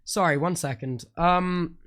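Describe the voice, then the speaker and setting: A man's voice: on the high side, unhurried, a bit bright. A man in a casual debate on stream, interrupting to make his point. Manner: interrupting, reading quotes aloud.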